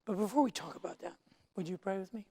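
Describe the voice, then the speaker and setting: A pastor preaching a sermon in a church, moving from quiet, measured teaching to loud, emphatic declarations. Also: mid-range voice, breathy edge.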